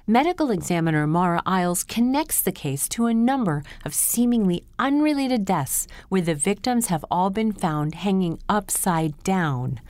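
A woman host presenting book summaries in a clear, steady scripted read. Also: on the low side, dry recording.

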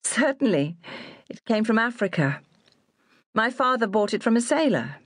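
A proud young apothecary's daughter, polite but defensive and quick to bristle, voiced by a woman reading an audiobook. Her voice sits a touch higher and moves in lively swoops. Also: no echo, studio quality.

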